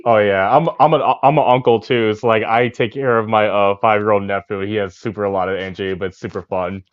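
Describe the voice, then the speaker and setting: A man guesting on a casual talk show, easygoing and quick to laugh. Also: on the low side, steady tone, clean tone. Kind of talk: casual chat. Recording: dry, dull lo-fi sound.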